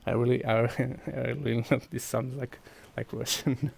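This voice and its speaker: A man's voice: medium pitch, flat delivery, moderate pace, vocal fry, a little mellow, husky. A man with a Portuguese accent streaming a game, walking viewers through each step while he clicks and thinks aloud. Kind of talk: casual live-stream chat.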